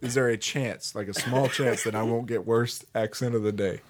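A young man hosting a party game with laughing, profane, excitable banter. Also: mid-range voice, moderate pace, noisy background. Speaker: game host.

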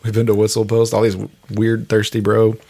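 A man in casual beer-tasting podcast chat, laughing often and tossing in quick asides. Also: on the low side, completely flat delivery, warm tone.

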